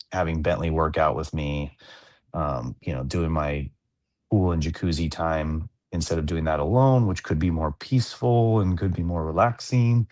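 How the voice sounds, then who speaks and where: A man's voice: extremely low pitch, a little mellow, no room sound, clean studio sound. A man co-hosting a podcast, chatting casually and rambling with many fillers and restarts. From Southern California. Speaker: podcast co-host. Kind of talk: casual chat.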